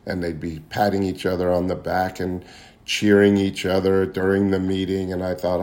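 A man's voice: low voice, fairly even intonation, normal speed, darkish tone. Earnest man sharing a confessional story. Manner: earnest, confessional, repeats phrases while searching for words. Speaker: speaker sharing recovery story. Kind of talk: personal testimony talk.

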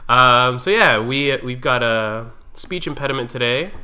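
A man co-hosting a podcast, teasing his friends in casual banter. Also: medium pitch. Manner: teasing, animated, quick to laugh. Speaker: podcast co-host.

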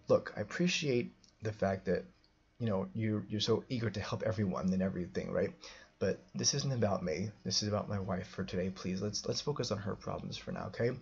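A man's voice: fairly low pitch, creaky, husky, muffled recording. A man telling a personal story as a podcast host, rambling with many restarts and fillers.

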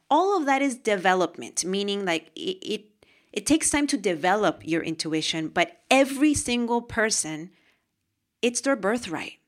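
A woman from Peru talking to camera about her own experiences, with animated, emotional storytelling. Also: lowish voice. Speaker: host. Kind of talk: casual monologue to camera.

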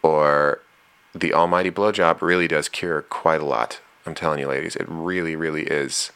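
Blunt deep-voiced man. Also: fairly even intonation, normal speed, a bit bright, smooth. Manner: blunt, frank and direct. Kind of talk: casual advice talk.

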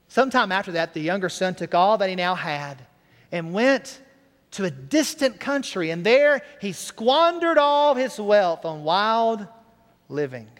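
High-voiced preacher in echoing hall. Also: male voice, a bit bright. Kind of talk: sermon storytelling.

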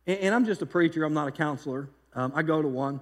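Animated preacher in a reverberant hall. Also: male voice, on the high side, fast talker. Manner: conversational, animated storytelling with repeated restarts. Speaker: pastor. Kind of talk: sermon.

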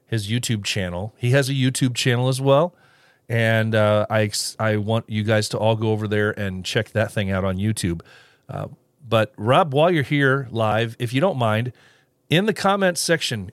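Guy rambling on his podcast, kinda low voice, dry sound, lots of restarts. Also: no echo. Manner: rambling, with many restarts and chuckles. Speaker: podcast host. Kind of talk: casual solo podcast chat, reading live comments.

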